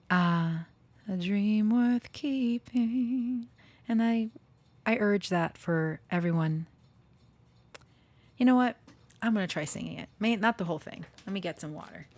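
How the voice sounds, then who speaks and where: A woman speaking emotionally in a casual personal talk, nervous and close to tears, laughing softly between thoughts. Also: medium pitch, no echo. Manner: sings and half-whispers song lyrics. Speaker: channeler and storyteller.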